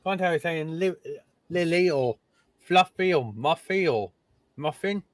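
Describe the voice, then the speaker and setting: Reacting to recordings with his podcast co-host, this man keeps things casual, laughs a lot, and often leaves sentences unfinished. He speaks a little high and a little slow with lively intonation, recorded with no room sound.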